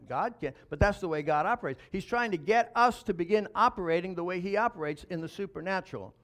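A man's voice: high voice, quick pace, few pauses, a bit bright. A man preaching a sermon as pastor, emphatic, with rhetorical questions and chuckles.

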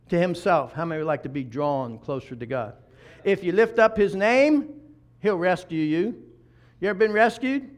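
A middle-aged man preaching with a high voice. He drops to quiet, close passages, then builds to loud, rousing exhortation. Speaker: pastor. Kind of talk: sermon.

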